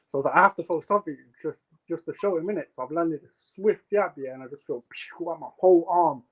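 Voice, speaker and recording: A man's voice: fairly high pitch, fast, husky, rough recording. A young man, a guest boxer, tells stories in casual chat with many fillers. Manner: animated storytelling with many fillers.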